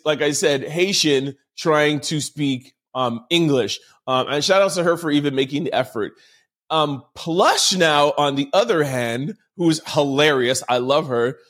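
A man's voice: a little high, fairly bright tone. Chatty Canadian podcast host, man. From Montreal, Canada. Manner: chatty, lots of "um" fillers and restarts. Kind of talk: casual podcast commentary.

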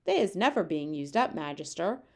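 A woman's voice: lowish voice, very animated, moderate pace, darkish tone. Woman voicing a friendly male giant, kindly, folksy jumbled speech, storybook reading. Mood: pleased. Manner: cheerful, garbled folksy speech. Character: big friendly giant, male, kindly, mangles his grammar.

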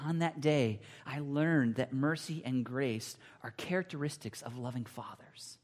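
A male pastor delivers a sermon in a church sanctuary, his voice trailing long reverb through the hall. He tells his story dramatically, rising to loud outbursts and dropping to near-hushed passages. His pitch sits in an ordinary middle range for a man. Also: a little slow, hardly any pauses.

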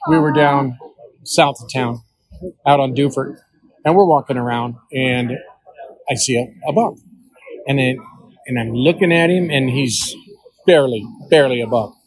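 During an interview, an older man who runs a shooting range shares hunting yarns in a homespun way, imitating the characters' voices. He has a medium-pitched voice, and the recording quality is low.

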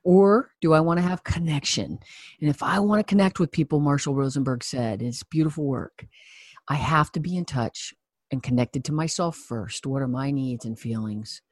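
A coach telling a personal story to explain a point, talking in an earnest, reflective way with pauses and soft sighs. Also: medium pitch, no echo. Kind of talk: conversational teaching with personal story.

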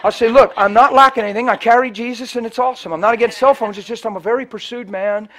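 A male preacher telling a story in a sermon, swinging between loud preaching and hushed, near-whispered storytelling, and acting out the people he quotes. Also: very high voice, steady tone, fast talker, slight background noise. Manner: acts out the people in his stories in quoted voices.

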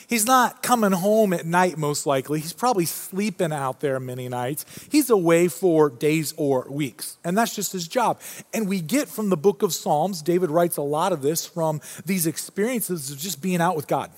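A man with a high, light voice preaching in a relaxed, storytelling way. He keeps circling back and restarting his phrases as he builds his points. The sound carries a long reverb tail from a big church hall. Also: normal speed. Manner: casual, storytelling, frequent restarts. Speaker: pastor. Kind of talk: conversational sermon.

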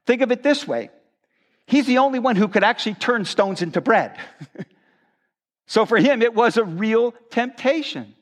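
A man's voice: very high-pitched, animated, moderate pace, long pauses. A male pastor preaching a sermon at a church service, conversational and earnest.

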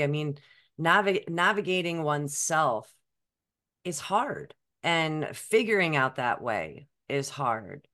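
A woman's voice: fairly low pitch, fairly bright tone. A woman hosts an interview and keeps affirming her guest. She backs him up with short agreements and supportive words, then talks at more length with eager praise. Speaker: show host. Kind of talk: conversational interview.

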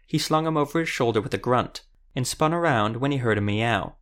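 A man narrating a fantasy audiobook in a steady, even storytelling manner. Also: medium pitch, a little fast.

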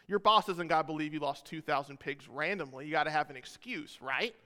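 A man's voice: on the high side, fairly quick, bright, forceful tone, long reverb tail. A man preaching a sermon as a pastor, retelling scripture in a casual way with joking asides to the congregation.

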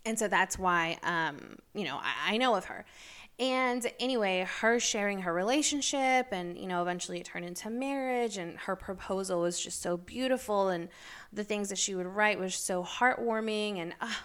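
A woman hosting her own podcast, telling stories in a chatty, rambling way with lots of fillers and bursts of excited, incredulous emphasis. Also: mid-range voice, moderate pace, clean tone. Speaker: podcast host. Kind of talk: casual solo podcast chat.

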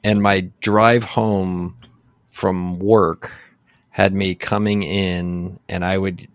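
Texas guy in his late 40s rambling along, lots of likes, lowish voice, dry close sound. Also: level tone, very slow, dry recording. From San Antonio, Texas. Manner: rambling, many fillers and restarts. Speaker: guest. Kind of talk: casual conversation.

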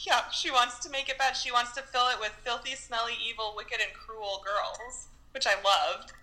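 A woman's voice: a little high, little pitch movement, normal speed, pushed and bright, low-quality recording. A woman co-hosting a casual film review chat, recounting scenes in a chatty, filler-heavy way. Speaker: podcast co-host reviewing a film.

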